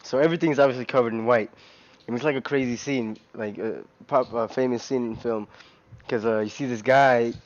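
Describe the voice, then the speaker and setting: With the highs cut off, a man's medium-pitched voice comes through steady and brisk. He's just chatting on a racing game live stream, wandering with many fillers and restarts and laughing frequently.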